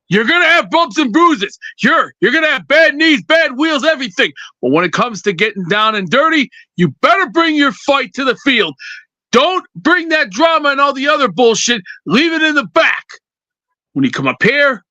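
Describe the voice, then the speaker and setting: Angry high-voiced male caller ranting. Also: sharp tone, no room sound. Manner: angry, profane, rambling. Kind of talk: fired-up fan rant.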